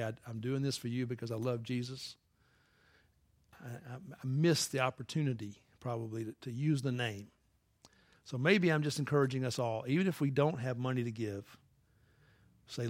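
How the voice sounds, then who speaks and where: A man's voice: medium pitch, a little mellow, no room sound. A young man preaching a sermon with an earnest, folksy, conversational manner that slides into prayer. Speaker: pastor.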